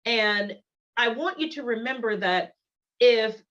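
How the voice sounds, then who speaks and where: A middle-aged woman giving a motivational conference talk, emphatic and deliberate, repeating her key phrases. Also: on the high side, a bit bright. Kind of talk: motivational presentation. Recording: dull lo-fi recording.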